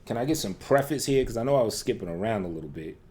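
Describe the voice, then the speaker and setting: A man hosting his channel, answering a clip in relaxed, conversational and dismissive commentary. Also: fairly low pitch, fast talker, background noise. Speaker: channel host replying to a clip. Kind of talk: casual reaction commentary.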